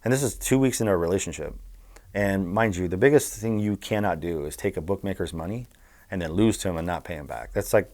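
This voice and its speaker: Quick-paced and low-pitched, the voice is that of a middle-aged ex-bookmaker from Southern California. He's an interview guest, casually telling animated stories that are blunt and profane.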